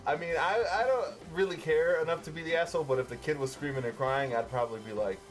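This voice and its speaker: A man co-hosting a casual movie review podcast, relaxed and full of fillers, swearing freely. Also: a little high, quick pace, faint music behind. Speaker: podcast co-host.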